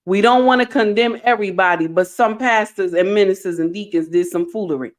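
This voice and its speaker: A middle-aged woman hosting a live stream, reading viewer comments aloud with animated, playful scolding. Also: medium pitch, a little fast. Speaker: host.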